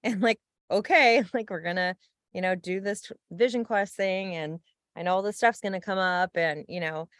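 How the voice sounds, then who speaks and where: A woman's voice: medium pitch, moderate pace, a bit bright, no echo, clean studio sound. A woman co-hosting a podcast, talking loosely and laughing often in casual chat. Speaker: podcast co-host and clinic coach.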